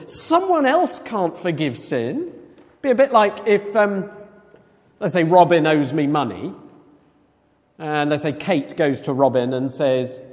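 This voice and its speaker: A man preaching a sermon in a conversational, animated way, acting out quoted voices. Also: high voice, unhurried. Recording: long echo of a large hall.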